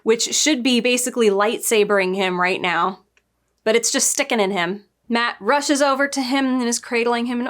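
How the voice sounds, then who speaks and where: A woman giving a casual spoken review, chatty and digressive, often laughing and adding quick asides. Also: on the high side, fairly bright tone. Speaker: book and show reviewer.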